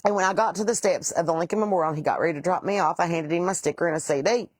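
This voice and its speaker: A woman talks rapid-fire in a fairly low pitch, with no room sound on the recording. In a casual livestream chat she reads comments aloud and tells rambling, salty stories to viewers.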